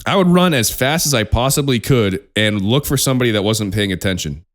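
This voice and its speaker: A young man co-hosting a podcast in casual chat, animated and profane, laughing often. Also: medium pitch, brisk. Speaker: podcast co-host.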